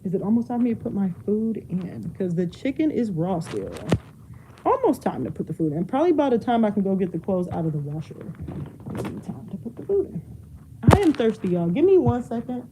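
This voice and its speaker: A woman's voice: mid-range voice, very animated, brisk, background noise. A young woman chatting casually while she cleans her home, laughing often and drifting away from the mic as she moves. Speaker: vlogger. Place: home, moving around rooms.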